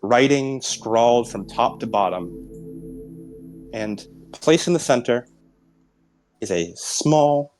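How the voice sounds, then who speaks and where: A man narrating as game master in a tabletop role-playing game, describing scenes in a halting, searching way. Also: medium pitch, expressive, darkish tone, faint music behind. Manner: descriptive, halting, many restarts and fillers.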